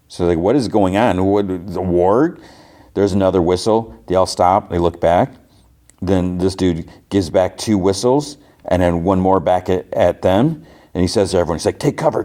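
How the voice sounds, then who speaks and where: Speaking in a voice that sits low and is a little mellow, a man on his podcast walks through a TV episode one scene at a time. He paraphrases what the characters say and drops in personal side comments along the way.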